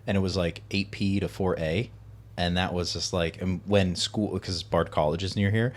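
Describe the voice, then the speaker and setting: A man's voice: low voice, fairly even intonation, normal speed. A man hosting a podcast in casual chat, telling easygoing stories full of filler words. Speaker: podcast host.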